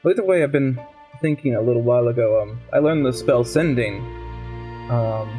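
A man speaks in character during a tabletop game, halting and restarting often, filling gaps with ums. His voice sits at an ordinary middle pitch, and faint music plays underneath. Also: warm tone. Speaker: player. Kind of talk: in-character role-play.

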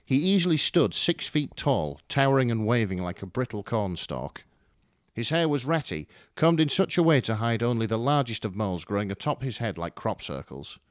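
A man's voice: mid-range voice, very animated, normal speed, no room sound, clean studio sound. A man reading a fan story aloud with dramatic, wry narration. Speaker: story reader. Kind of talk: expressive fan fiction reading.

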